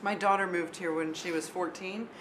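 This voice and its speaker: A woman's voice: lowish voice, fairly even intonation, moderate pace. Upbeat middle-aged woman radio host. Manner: upbeat, enthusiastic. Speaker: radio talk show host. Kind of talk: radio interview. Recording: radio recording with background noise.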